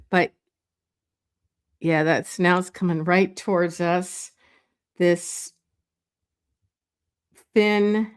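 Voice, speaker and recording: A woman walks viewers through a drawing lesson at an unhurried pace. She thinks aloud as she works, with plenty of pauses and fillers. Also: on the low side, fairly even intonation, clear, resonant tone. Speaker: art teacher. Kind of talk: drawing tutorial.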